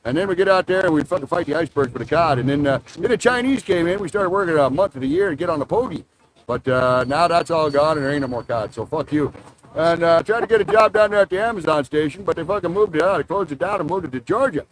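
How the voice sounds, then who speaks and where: Man doing a swaggering East Coast fisherman, fast and foul-mouthed, noisy outdoor crowd. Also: a little high, animated, close to an everyday voice. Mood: boisterous. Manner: profane, boisterous storytelling. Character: salty Maritime fisherman, crude and rambling.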